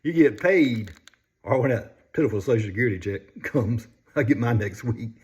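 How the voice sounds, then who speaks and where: A man's voice: mid-range voice, normal speed, a little mellow. An older man chatting casually about stocks as a vlogger, folksy and chuckling often between phrases. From North Carolina, US.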